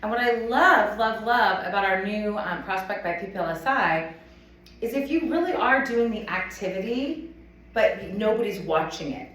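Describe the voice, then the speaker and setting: A woman giving a chatty, animated sales training talk to a live audience, acting out little scenes as she goes. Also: mid-range voice, moderate pace. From United States. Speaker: motivational speaker at a sales event. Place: conference room with a live audience. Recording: echoey room, from a distance.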